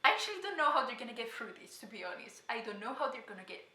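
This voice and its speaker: A young woman reacting to a TV episode, excitably talking back at the screen and addressing her viewers. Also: a little high, very fast, reverberant. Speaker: reaction vlogger. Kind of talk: casual reaction commentary.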